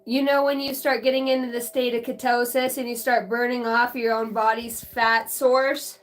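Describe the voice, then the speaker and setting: Rambling middle-aged woman, swears a lot, laughs between stories, fairly high voice, soft music behind. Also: level tone, moderate pace. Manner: profane, laughs often, jumps between stories. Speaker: channeler and card reader. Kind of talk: rambling casual vlog chat.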